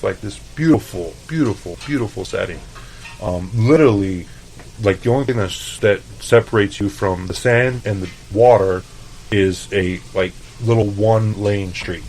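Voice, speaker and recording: A man from El Paso, a chef, telling stories in a loose, profane, animated way on a podcast. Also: lowish voice, normal speed, a little hiss or hum, rough recording. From El Paso, Texas. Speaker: chef, interview guest. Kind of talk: casual storytelling.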